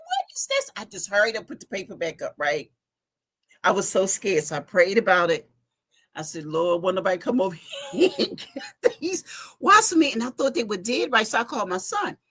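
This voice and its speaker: A woman's voice: mid-range voice, fairly bright tone, husky. A middle-aged woman, chatting animatedly to viewers in a casual livestream from her home basement, speaking into a phone. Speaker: fashion week organizer giving a live update.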